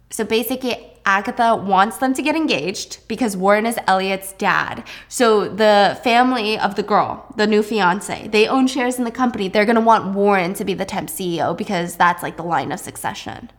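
A young woman retelling a drama plot in a chatty, casual way. She narrates with lively energy, filling in who is who as she goes. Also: mid-range voice, normal speed. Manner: chatty, animated. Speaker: drama recapper. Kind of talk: casual storytelling recap.

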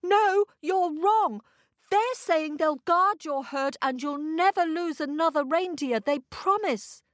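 A woman's voice: very high-pitched, slow, dry recording, clean studio sound, pitched above the performer's own voice. Woman doing an eager pleading little boy. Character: young human boy, earnest and pleading.

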